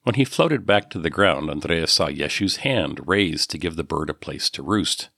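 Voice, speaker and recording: Male audiobook narrator, very low voice, measured descriptive reading, dry close sound. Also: expressive, sharp tone, dry recording. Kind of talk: scripted narration.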